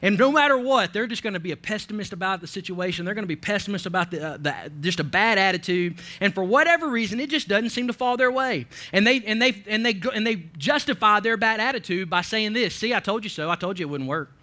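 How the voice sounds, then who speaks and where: Bright, high-voiced male preacher. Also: quick pace, hardly any pauses. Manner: emphatic preaching with frequent repetition and restarts. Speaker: pastor. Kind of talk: sermon. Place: church.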